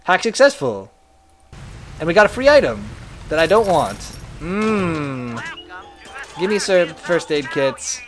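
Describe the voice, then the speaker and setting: A young man streaming a video game, chatting casually and reading viewer messages aloud in an animated way. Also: a little high, slow pace, pauses often, faint music behind. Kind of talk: casual live-stream chat.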